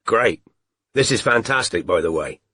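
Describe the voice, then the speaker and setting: A man voicing a gruff, awkward male private detective who speaks low, halting and careful. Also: expressive, bright, forceful tone, no echo, studio quality, heavily acted. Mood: wry.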